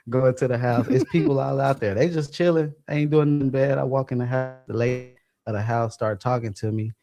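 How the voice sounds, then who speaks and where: Guy telling a wild story, laughing a lot, mid pitch, acting out the quotes. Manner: animated, laughing, acts out quotes. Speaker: podcast co-host. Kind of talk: casual storytelling.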